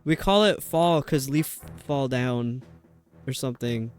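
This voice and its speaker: A man's voice: mid-range voice, animated, slow. Chatty male streamer, faint game music. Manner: rambling, chatty, reads chat aloud. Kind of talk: casual chat while gaming.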